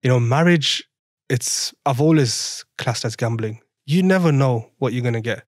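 A man's voice: mid-range voice, normal speed, dry recording, studio quality. A young man, a podcast guest chatting through a personal story and laughing often. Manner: chatty, laughs often while telling stories. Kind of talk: casual storytelling in an interview.

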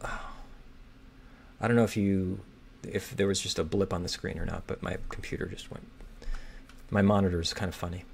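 A man's voice: low-pitched, level tone, creaky, a little hiss or hum. A man thinking aloud as he solves a crossword, hesitantly reading clues and guessing answers. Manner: muttering, hesitant, reads clues aloud slowly. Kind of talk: thinking aloud while solving. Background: keyboard typing and clicking.

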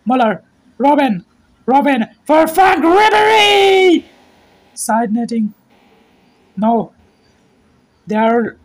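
A man giving play-by-play football commentary, calling out player names in short bursts and raising his voice at goals. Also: very high voice. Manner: terse name-calling play-by-play, shouts at goals.

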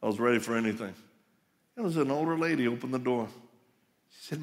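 Gravelly man preaching in a big hall. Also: medium pitch, fast talker, long pauses. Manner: emphatic, joking, storytelling. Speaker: conference speaker. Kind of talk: live sermon with personal storytelling. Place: large conference hall. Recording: reverberant live hall.

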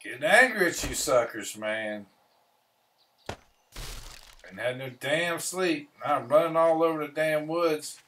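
A man's voice: fairly high pitch, a bit bright, far from the mic. A man giving casual gameplay commentary, grumbling and swearing to himself as he plays. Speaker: gameplay streamer.

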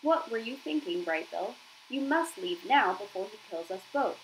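A polite female robot speaks in a formal, even manner, as a woman reads her in a storybook. Her mid-pitched voice stays close to the reader's own, with faint noise behind. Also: normal speed, lightly acted, rough recording. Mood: earnest.

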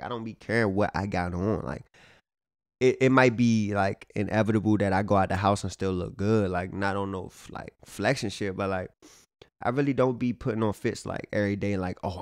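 A man's voice: fairly low pitch, no echo, clean studio sound. Laid-back, profane young-sounding man vlogging. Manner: laid-back, profane slang-heavy street talk; filler-heavy, repeats "you know what I'm saying". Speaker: fashion vlogger. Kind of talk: casual talk to camera.

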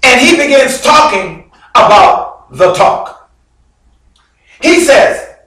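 A male bishop delivers a sermon in a high, very animated voice, taking his time over every phrase. He tells his story dramatically, alternating loud bursts with hushed drops. The sound comes from well back from the mic and rings around a very reverberant church hall. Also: takes it slowly, long pauses. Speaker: bishop preaching. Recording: very echoey hall, mic far off.

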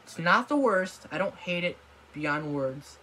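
A man's voice: high-pitched, animated, measured pace, sharp tone, slight background noise. A man venting in a blunt, dismissive rant, swearing and getting worked up, recorded on a tablet at home. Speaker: vlogger. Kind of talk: ranting video commentary. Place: apartment room. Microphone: tablet microphone.

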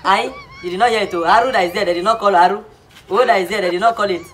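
A man's voice: high-pitched, very fast, fairly bright tone, slight background noise. Mock-earnest Nigerian man lecturing. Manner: mock-earnest, repeatedly checking the class follows. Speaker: comic teacher. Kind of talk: comedy skit lecture.

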